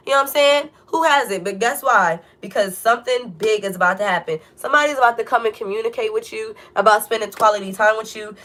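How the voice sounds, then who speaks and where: Tarot reader, young woman, slightly high voice; swears freely and preaches encouragement. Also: fairly bright tone. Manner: blunt, profane, preachy pep talk. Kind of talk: tarot reading monologue.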